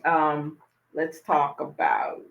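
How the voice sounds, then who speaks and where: Slow, low-pitched woman coach talking. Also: wildly swooping pitch, gravelly, muffled recording. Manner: slow, soothing cadence in the repeated lines; chatty, thinking aloud with fillers. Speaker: talk show host and life coach. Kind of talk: casual talk with a reflective reading.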